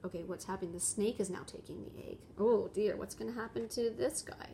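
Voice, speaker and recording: A woman giving reading tips as a parent, talking warmly and switching into playful voices for the story. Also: mid-range voice, fast talker, creaky, a little hiss or hum. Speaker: parent teaching reading at home. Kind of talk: instructional talk with expressive read-aloud.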